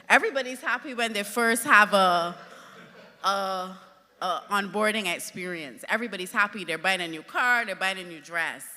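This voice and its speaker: A woman giving a conference talk, telling lively stories with emphatic punch. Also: medium pitch, in a large hall. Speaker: conference speaker.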